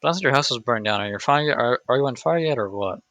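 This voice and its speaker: A man's voice: mid-range voice, animated, fast, a bit bright, dry recording. A man reading as a laid-back teenage boy who talks offhandedly and swears casually. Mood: offhand. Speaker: reader in a group readthrough. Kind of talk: live unscripted fan script reading.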